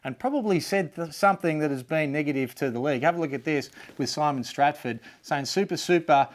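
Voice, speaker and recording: A man's voice: on the high side, fast. A man co-hosting a basketball chat show, enthusiastic and opinionated. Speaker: co-host. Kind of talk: casual sports chat.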